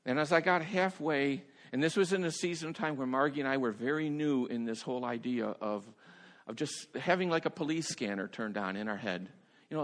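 A man preaching a sermon as a pastor, telling stories in an animated way, laughing often and stumbling over his first words. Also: medium pitch, a little fast. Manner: animated storyteller, laughs often, repeats words when starting sentences. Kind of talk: sermon storytelling. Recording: long hall reverb.

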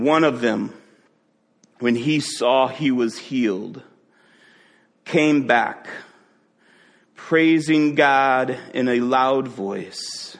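Male preacher, slow and dramatic sermon storytelling, long reverb. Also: mid-range voice. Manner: vivid storytelling, dramatic pauses.

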